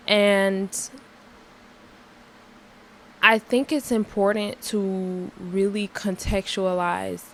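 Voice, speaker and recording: A young woman hosts a casual podcast and rants through a personal story, candid and emphatic, leaning on fillers. She takes her time, speaking at an unhurried, drawn-out pace. A faint hum of room ambience sits under her voice. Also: medium pitch, poor audio. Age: young adult. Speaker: podcast host.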